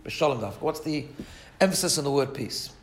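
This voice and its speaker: A man's voice: mid-range voice, animated, moderate pace, slight background noise. A man teaching a text study class, reading Hebrew phrases aloud and translating them line by line, often asking questions and checking in with "right?". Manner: asks rhetorical questions and adds filler checks like "right?". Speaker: Torah teacher.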